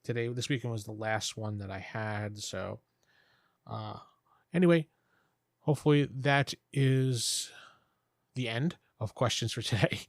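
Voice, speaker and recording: A man's voice: mid-range voice, a little slow, gravelly, long pauses, no room sound, studio quality. A man hosting a tabletop game advice show, answering listener questions in a rambling, conversational monologue. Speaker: podcast host giving game master advice.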